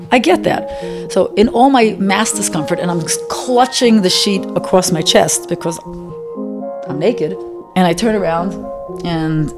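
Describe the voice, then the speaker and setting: A middle-aged woman recounting a personal experience in an interview, emotional and halting, often repeating words. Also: fairly low pitch.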